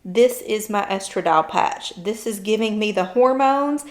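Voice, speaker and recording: A woman's voice: mid-range voice, a little slow. A woman vlogger talking candidly and earnestly about her personal experience. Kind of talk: personal vlog chat.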